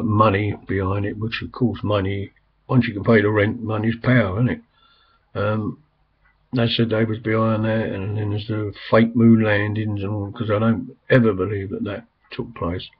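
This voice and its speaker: A man's voice: lowish voice, breathy edge. An older man rambling in casual talk, full of ums and restarts. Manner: meandering, many ums and restarts. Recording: slightly dull, lo-fi recording.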